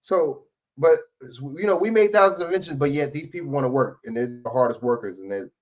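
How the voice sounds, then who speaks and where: A man's voice: medium pitch, brisk, poor audio. A man co-hosting an online show, venting in frustrated casual commentary, often repeating "you know what I'm saying". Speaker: co-host.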